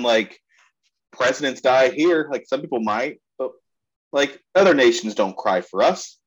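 A man's voice: medium pitch, muffled recording. Sarcastic man ranting on a podcast. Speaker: podcast co-host. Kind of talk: casual sports-betting podcast chat.

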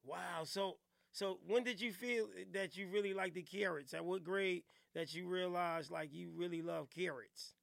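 A man's voice: sits high, moderate pace, vocal fry, a bit bright, no room sound, studio quality. A man hosting a podcast, playful and teasing in slangy casual chat. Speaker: podcast host.

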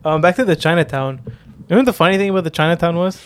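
A man's voice: a little high, very fast, clear, resonant tone. A man chatting casually in a rambling way, with many fillers and restarts. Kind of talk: casual chat.

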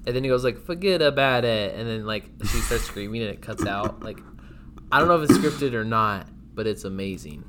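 A young man, a student, co-hosting a podcast in casual chat, teasing and quick to laugh. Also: on the low side, animated, background noise. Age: young adult. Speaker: podcast co-host.

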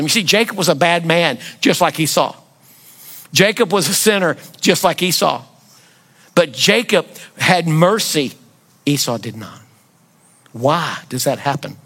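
A male pastor delivers a sermon, his fairly high voice climbing as he presses the congregation with question after question. He preaches with fervor, sometimes almost shouting, then drops low for emphasis. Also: expressive, normal speed. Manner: impassioned preaching with rhetorical questions, rising to near-shouts. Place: church sanctuary.

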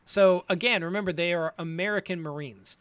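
A man with a high voice talks through an anime plot in loose, rambling casual chat, swearing freely and restarting his sentences. His voice is recorded close and dry, with no room sound around it. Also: brisk, a bit bright, smooth, no echo. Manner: rambling, profane, many restarts and fillers. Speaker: podcast co-host recapping an anime.

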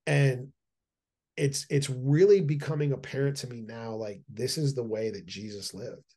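A man's voice: medium pitch, steady tone, normal speed, dark tone. A middle-aged man talking as a podcast guest, eager and rambling, with frequent restarts and repeated words. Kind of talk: casual podcast conversation.

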